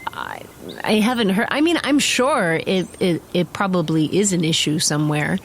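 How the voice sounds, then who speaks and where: A woman's voice: fairly low pitch, slight background noise. A woman guest on a podcast, chatting casually and laughing easily. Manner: laughs easily, slow and lilting. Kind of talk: casual chat.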